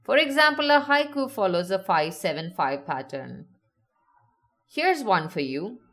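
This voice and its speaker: Female teacher, scripted lesson read; slow delivery, animated intonation, enunciates each example word. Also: mid-range voice. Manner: slow, clearly enunciated, sounding out example words.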